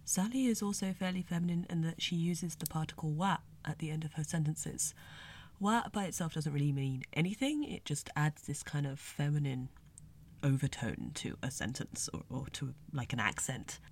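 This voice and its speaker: A woman's voice: low voice, normal speed, a little mellow. A woman talking through an anime episode in a chatty, analytical way, stopping to explain Japanese words. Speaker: anime reviewer. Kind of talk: casual spoken review.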